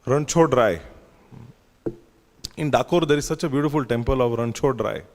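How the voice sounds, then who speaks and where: A man's voice: medium pitch, moderate pace. A man giving a scripture class, retelling stories with frequent fillers and restarts. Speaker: class speaker at a temple. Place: temple hall. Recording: long hall reverb.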